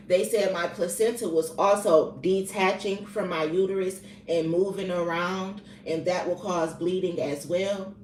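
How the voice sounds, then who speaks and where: A woman's voice: lowish voice, fairly even intonation, measured pace, hardly any pauses, a little mellow. A woman in her thirties giving a candid personal testimony, blunt and profane, with colloquial grammar. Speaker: vlogger sharing personal testimony. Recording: roomy echo, distant from the mic, faint background noise.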